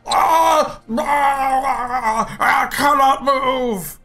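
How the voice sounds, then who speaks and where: Man doing a cowardly troll for a tabletop game, high, yelping, bright and strained. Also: extremely slow, exaggerated voice. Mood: panicked. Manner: shrill yelping shouts. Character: cowardly fleeing male troll, whiny and loud.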